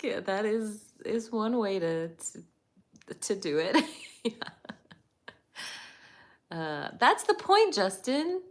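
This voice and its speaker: A woman's voice: medium pitch, sing-song, very slow, long pauses. A woman hosting a casual live chat, greeting viewers by name and laughing often as she talks. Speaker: livestream host.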